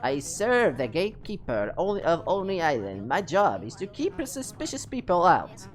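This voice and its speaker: A woman's voice: fairly low pitch, sing-song, moderate pace. A woman voicing a prim male paper gatekeeper in a formal, pompous put-on British accent. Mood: haughty.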